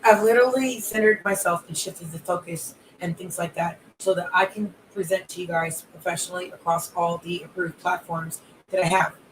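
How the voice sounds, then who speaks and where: Coach hosting a live room, calmly enraged, stacks grievance after grievance in long lists. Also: mid-range voice, a little hiss or hum, poor audio. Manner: controlled anger, long repetitive lists of grievances. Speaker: life and wellness coach. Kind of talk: live audio-room monologue.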